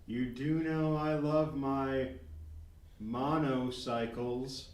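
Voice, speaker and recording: A man's voice: mid-range voice, steady tone, extremely slow, a little mellow. A man voicing a sappy, doting wife in a tabletop game scene. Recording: roomy, distant mic, faint noise.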